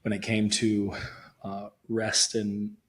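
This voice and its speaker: A man hosting a podcast in casual conversation, relaxed and jokey, laughing often and chiming in with quick affirmations. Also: fairly low pitch. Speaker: podcast host.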